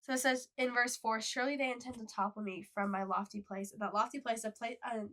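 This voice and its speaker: A woman's voice: a little high, fairly even intonation, a little fast, sharp tone. A young woman co-hosting a casual faith podcast, reading scripture aloud and then explaining it. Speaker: podcast co-host.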